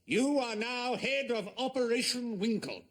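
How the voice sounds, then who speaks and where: An actor playing a pompous, blustering general in a TV sitcom. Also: male voice, a little slow. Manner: blustering, booming. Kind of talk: TV sitcom acting.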